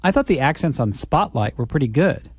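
A man's voice: fairly high pitch, big pitch swings, brisk, breathy edge, no echo, studio quality. A man reporting a radio feature, asking conversational, probing questions in an interview.

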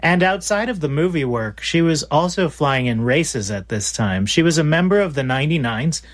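A man co-hosting a history podcast, narrating events in a relaxed, casual way. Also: fairly high pitch, normal speed. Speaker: podcast co-host. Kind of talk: conversational history storytelling.

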